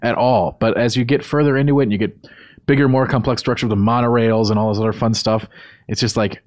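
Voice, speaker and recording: A man's voice: medium pitch, fairly even intonation, fast talker, a little mellow, no room sound. A man reviewing a video game in a casual podcast chat, emphatic and opinionated, on a close studio mic.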